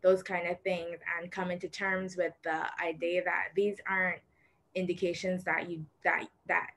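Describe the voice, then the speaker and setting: A woman participant in a workshop, sharing her own experience in a thoughtful, earnest way, halting with fillers. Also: lowish voice, flat delivery, a bit bright, a little hiss or hum. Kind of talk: casual reflective sharing.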